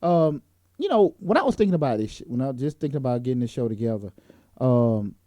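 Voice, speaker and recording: Talking fast and expressively, this mellow, mid-range male host runs a casual talk-show chat, laid-back and joking with plenty of fillers. There's no room sound.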